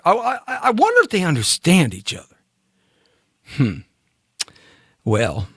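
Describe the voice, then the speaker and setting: A man's voice: on the high side, vocal fry, fairly bright tone, husky, no echo, studio quality. A man hosting a live talk show in a casual, rambling, playful monologue, speaking directly to his listeners.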